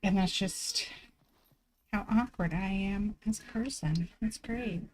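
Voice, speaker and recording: A woman's voice: medium pitch, takes it slowly, darkish tone, poor audio. A woman live streamer chatting casually from home, rambling and self-deprecating, swearing freely and filling her talk with "like". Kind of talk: casual chat.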